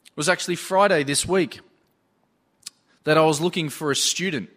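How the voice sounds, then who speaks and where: A man delivering a sermon with earnest conviction, his voice sitting a little higher than most men's. He tells personal stories and retells what people said to him along the way. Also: moderate pace, a bit bright. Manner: earnest, storytelling with retold dialogue. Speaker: preacher.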